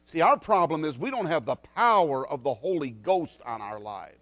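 A man preaching a sermon, dramatic and swinging between loud declarations and soft, low asides. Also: sing-song, normal speed.

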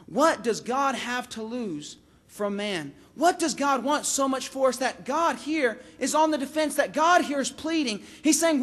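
Very high-voiced impassioned male preacher. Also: lively intonation, measured pace, fairly bright tone. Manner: impassioned, rises to emphatic peaks then drops low on key words; repeats and restarts phrases for emphasis. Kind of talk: sermon.

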